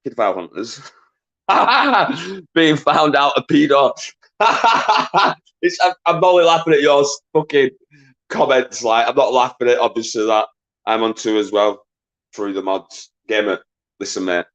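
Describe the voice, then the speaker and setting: A man hosting a live-stream quiz, bantering with chat, giving quick shout-outs, swearing casually and laughing often. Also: mid-range voice, animated, lo-fi sound. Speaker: livestream quiz host.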